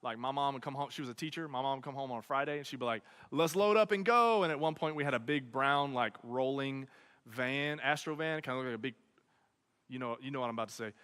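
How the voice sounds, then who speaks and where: A man telling a comic personal story to students, talking in an animated way and tagging his lines with "okay?" and "right?". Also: medium pitch, fast talker, smooth. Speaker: speaker at a student event. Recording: long hall reverb.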